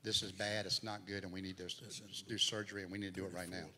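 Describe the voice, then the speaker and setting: A middle-aged guest preacher tells his testimony from a church sanctuary in a low, level, bright voice that moves at a quick pace with forceful energy. His voice swells and drops throughout the story, captured with hall reverb and faint noise.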